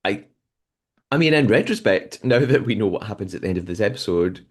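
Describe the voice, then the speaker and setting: A man hosting a podcast, recapping a show episode in a relaxed conversational way. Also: lowish voice, brisk, slightly rough. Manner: conversational recapping with frequent fillers and restarts. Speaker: podcast host.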